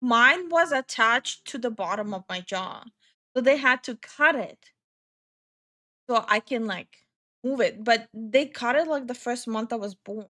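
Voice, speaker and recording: A woman's voice: a little high, expressive, measured pace, sharp tone. A young woman streaming live from New Jersey, reading chat aloud, who stutters and swears freely while reacting to her viewers. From New Jersey, USA.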